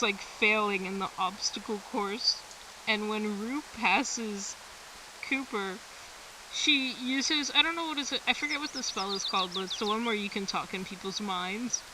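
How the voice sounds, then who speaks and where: A woman's voice: fairly high pitch, distant mic, background noise. A woman streamer telling a rambling story in casual talk, often laughing and swearing.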